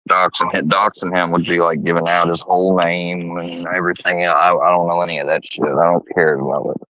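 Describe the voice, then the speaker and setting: In casual conversation, a man tells a story, swearing heavily and getting heated as he quotes others in a raised voice. His voice is low and sharp with little pitch movement and a slightly fast pace, recorded dry and dull, lo-fi with no echo.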